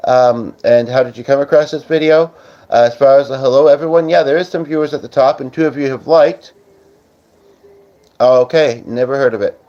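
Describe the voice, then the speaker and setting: A Canadian man hosts a casual livestream, rambling with plenty of fillers while reading viewer comments aloud. His mid-range voice has a dark tone and a moderate pace, and the audio is slightly dull lo-fi.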